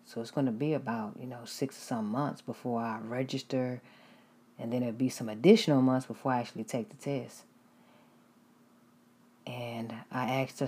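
Husky low-voiced woman telling a story. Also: a little slow. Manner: animated, confiding, dips into hushed asides. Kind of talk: casual storytelling to viewers.

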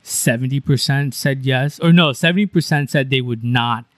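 A man's voice: medium pitch, normal speed, no echo. A man co-hosting a casual news podcast, chatty and joking, with lots of fillers. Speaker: podcast co-host.

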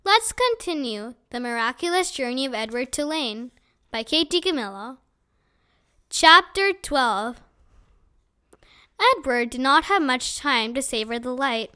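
A woman reading a children's chapter book aloud in a clear, expressive storytelling manner. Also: high voice.

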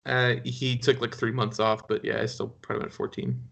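A man's voice: on the low side, little pitch movement, moderate pace, creaky, a bit bright. A man co-hosting a casual podcast, rambling and often breaking into laughter mid-sentence. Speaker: podcast co-host.

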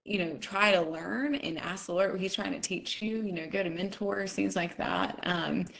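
A woman's voice: mid-range voice, moderate pace, gravelly, a bit bright. A woman hosting a podcast, speaking in an earnest, encouraging way in casual chat. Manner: earnest, encouraging, talks with fillers like "you know". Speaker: podcast host.

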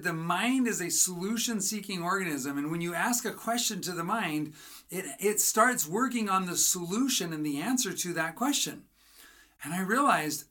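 A writing coach giving an energetic, motivational teaching talk, asking the listener rhetorical questions and acting out conversations. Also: medium pitch. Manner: energetic, asks rhetorical questions, acts out dialogues.

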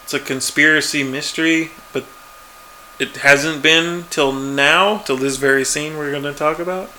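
A man's voice: fairly high pitch, steady tone, normal speed, pushed and bright, slight background noise. A man chatting casually as a podcast co-host, laid-back and chuckling, acting out quoted lines. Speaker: podcast co-host recapping a TV episode. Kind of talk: casual chat.

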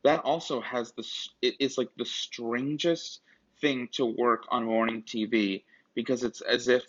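Steady and measured, this man's medium-pitched, fairly bright voice carries casual podcast banter as a co-host who keeps restarting and wandering into asides, all captured in dull lo-fi audio.

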